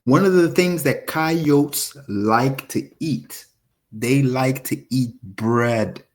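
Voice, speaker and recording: Animated man preaching to his viewers. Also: medium pitch, very slow. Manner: animated, rambling, addresses viewers directly. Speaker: religious video preacher. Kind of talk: casual scripture commentary to viewers.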